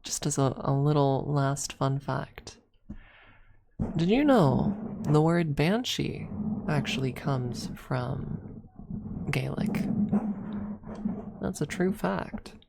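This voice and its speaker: A woman streamer in a soft-spoken ASMR style, chatting gently with her viewers, giggling and slipping into whispers, calling them her lovelies. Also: deep voice, animated, slow, creaky, pauses often, noisy background. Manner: affectionate, calls chat her lovelies.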